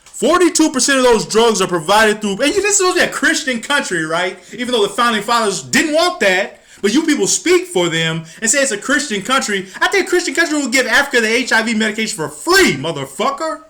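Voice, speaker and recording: A man's voice: extremely high pitch, sing-song, fairly quick, pushed and bright. Heated, profane man ranting. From United States. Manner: stumbles and restarts when worked up. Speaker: political commentator. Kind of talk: angry political rant.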